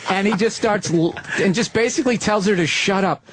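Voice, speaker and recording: A man telling profane, animated stories in casual chat. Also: sits high, a little fast, a little hiss or hum. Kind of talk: casual storytelling.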